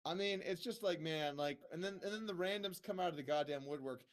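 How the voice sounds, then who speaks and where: Male podcast co-host, high-ish voice, heated casual rant. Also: fairly quick. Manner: animated, ranting, swears freely.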